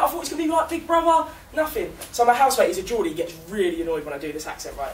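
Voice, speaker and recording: A young man from London does a stand-up set in a chatty, self-mocking way, with a very high voice. He sounds distant from the mic, in a roomy space with clear background noise. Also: expressive, rapid-fire, few pauses. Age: young adult. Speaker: student comedian. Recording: echoey room, distant mic, noisy.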